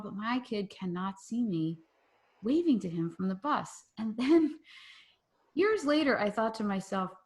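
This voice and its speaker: A woman in her forties hosting a group call, telling a personal story in a lively way and acting out the voices in her quotes. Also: fairly high pitch. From Philadelphia area. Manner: animated, acts out voices in quotes. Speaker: mastermind group host.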